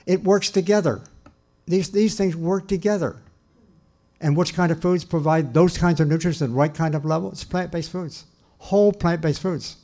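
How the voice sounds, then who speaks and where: A man's voice: fairly high pitch, steady tone, moderate pace, dark tone. An older man giving a lecture on nutrition in an earnest, emphatic way, often restarting his sentences. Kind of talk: lecture talk.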